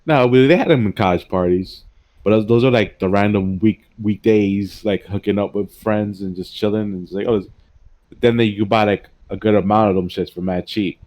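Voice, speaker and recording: A young man with a slightly low voice chats loosely on a podcast. He drops slang and laughs a lot, keeping everything easygoing. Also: moderate pace, a little mellow. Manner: laid-back, laughs often, slangy. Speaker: podcast co-host. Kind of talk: casual chat.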